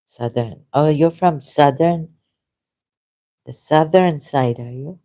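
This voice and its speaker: A leisurely, unhurried speaker with a soft, mellow tone. The talk wanders, hesitates and often turns modest and self-deprecating in a casual conversation. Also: mid-range voice. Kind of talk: casual debate chat.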